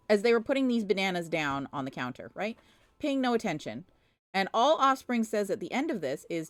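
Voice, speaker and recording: A woman's voice: medium pitch, big pitch swings, fairly quick. A woman chatting away on a home live stream, full of exasperated storytelling and playful teasing. Her voice sits in a mid range and the sound is dry and close, with no room echo. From Canada. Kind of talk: casual live-stream chat.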